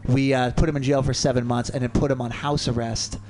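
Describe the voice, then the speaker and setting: A man co-hosting a radio show in a studio, telling a long story in a rambling, animated way and swearing freely. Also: mid-range voice, fairly quick, slight background noise. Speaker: co-host. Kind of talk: casual storytelling on talk radio.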